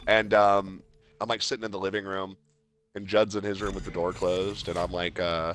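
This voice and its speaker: A man's voice: sits low, flat delivery, normal speed, a bit bright, a little hiss or hum. A man chatting casually over a game stream, telling rambling anecdotes packed with fillers and laughing at his own stories. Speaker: streamer and storyteller. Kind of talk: casual chat over gameplay.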